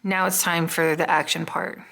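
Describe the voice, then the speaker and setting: A woman's voice: on the low side, level tone, moderate pace, vocal fry, a bit bright. A woman doing a casual, chatty tarot reading, musing aloud with many "um" fillers. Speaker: tarot card reader.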